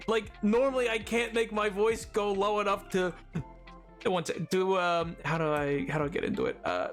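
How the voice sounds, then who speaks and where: A man's voice: high-pitched, fairly bright tone. A man livestreaming a game, chatting casually and laughing often, with frequent stammered restarts and repeated words. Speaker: streamer.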